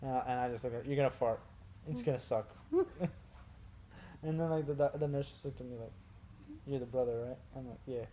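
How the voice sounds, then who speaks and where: A man swaps crude stories with a friend, his voice dropping low and mumbly and then jumping to loud, laughing shouts. He sits at an average pitch for a man. A faint hum of noise sits under the chat. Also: a little fast, pauses often. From Brazil. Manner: animated, gets loud and laughing when telling wild stories. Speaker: podcast co-host. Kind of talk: casual storytelling chat.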